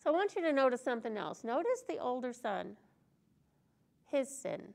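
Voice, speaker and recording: A woman's voice: high-pitched, very animated, normal speed, creaky, darkish tone. A woman preaching an earnest, conversational sermon in a church service.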